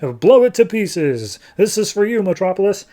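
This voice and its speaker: A man's voice: high-pitched, very animated, moderate pace, dark tone, voice pushed up. A man voicing a pompous male TV host who announces himself grandly. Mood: grandstanding. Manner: showy, self-important announcing.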